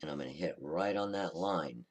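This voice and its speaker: Low-voiced man demonstrating a craft. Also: normal speed, breathy edge. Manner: relaxed, chatty, reassuring, corrects himself mid-sentence. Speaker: card-making tutorial host. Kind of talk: casual step-by-step crafting demonstration.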